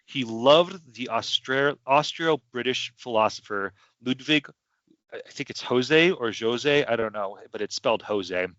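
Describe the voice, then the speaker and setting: A man's voice: medium pitch, measured pace, fairly bright tone, dry recording. A man hosting a podcast in casual chat, rambling and hesitant with many restarts. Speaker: podcast host. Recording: dull lo-fi sound.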